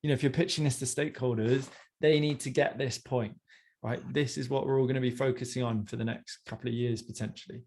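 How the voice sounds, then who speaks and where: Male coach, mid-pitch, gives chatty encouraging feedback in a one-on-one session. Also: steady tone, quick pace, darkish tone. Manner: encouraging, conversational, many fillers.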